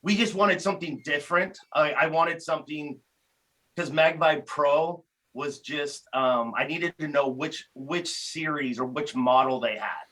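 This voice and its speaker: A man talking casually as a podcast guest, telling animated stories with frequent restarts. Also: on the high side, a little slow, low-quality recording. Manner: animated storyteller, many restarts. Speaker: guest, tool company founder.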